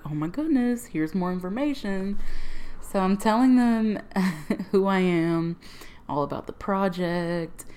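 A woman telling a personal story to camera in a casual, animated way, laughing often and acting out her own remarks. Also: lowish voice. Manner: animated, laughing often, quoting herself in lively asides. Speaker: refuge history project researcher.

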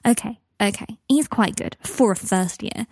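A woman's voice: mid-range voice, normal speed, vocal fry, darkish tone, slightly rough, no echo, clean studio sound. A woman voicing a cheerful, boastful young boy in a storybook reading. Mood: teasing.

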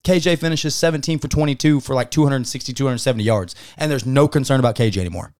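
Male sports-podcast co-host, mid pitch, heated and profane, casual chat. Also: quick pace, darkish tone. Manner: emphatic, profane, fired-up opinions.

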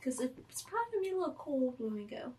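High-voiced teasing woman co-host. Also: sing-song, fast talker, warm tone. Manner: teasing, bossy, laughs a lot. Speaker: podcast co-host. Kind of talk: casual chat. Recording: voice from a distance off the mic.

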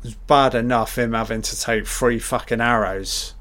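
A man doing a live film reaction commentary, excitable and swearing constantly as he blurts out reactions. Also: medium pitch, moderate pace.

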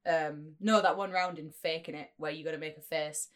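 A woman's voice: sits low, fairly even intonation, fairly quick. A woman co-hosting a podcast, chatting in a joking, chatty way. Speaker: podcast co-host. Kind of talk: casual chat.

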